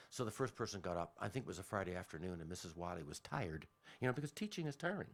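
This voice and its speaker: A man's voice: deep voice, big pitch swings, fast. A man telling a childhood story on the radio in a rambling way, often backtracking and interrupting himself.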